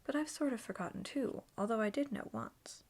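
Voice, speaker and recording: A woman's voice: a little high, darkish tone, lightly acted. A woman voicing a fussy, self-important male rabbit in whispered role-play for a storybook. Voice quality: brisk, fussy, important-sounding.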